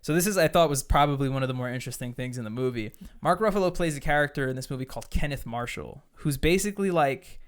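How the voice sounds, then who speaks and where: A man with a smooth, resonant voice talks loosely about a film on a podcast, upbeat and rambling, peppering his sentences with fillers and cuss words. His pitch sits in an everyday middle range. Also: quick pace, few pauses. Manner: rambling, enthusiastic, heavy on fillers and swearing. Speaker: podcast host. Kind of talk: casual chat.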